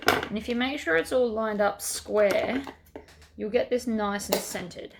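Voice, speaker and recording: A woman's voice: a little high, a little slow, creaky, heavy background noise. A woman hosting a sewing tutorial, chatting casually as she works through each step.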